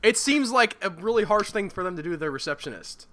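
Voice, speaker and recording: A man's voice: high voice, fast. A man chatting casually and joking while he plays a tabletop story game with friends. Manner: jokey, animated. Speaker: tabletop game player and show regular. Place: living in the Southern US.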